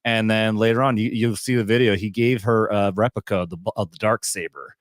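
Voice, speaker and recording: A man's voice: lowish voice, fairly even intonation, fairly quick, no echo. Brief: young man host, casual and rambling, swears freely, dry close-mic sound. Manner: rambling, profane, laughs often. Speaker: YouTube show host. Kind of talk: casual chat.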